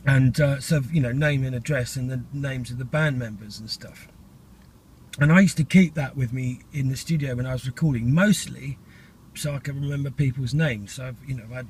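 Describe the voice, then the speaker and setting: A middle-aged man rambles through a casual vlog monologue, stopping and restarting his sentences with plenty of ums. His voice sits a touch high for a man, with a faint hiss of noise underneath. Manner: rambling and chatty, with many fillers and restarts.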